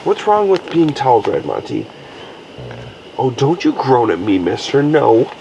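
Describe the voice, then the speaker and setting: Slow, gravelly man camping outdoors. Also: medium pitch, big pitch swings, background noise. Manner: coaxing a dog in a sing-song voice. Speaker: outdoor vlogger. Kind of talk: casual camping vlog. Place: outdoors in the woods at a campsite.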